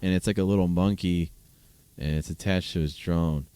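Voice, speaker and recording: A man's voice: deep voice, steady tone, moderate pace, mellow, clear, resonant tone, dry recording. A man in his thirties hosting a solo podcast, chatting casually in a rambling, amused way with frequent restarts. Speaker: podcast host. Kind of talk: solo casual podcast chat reacting to videos.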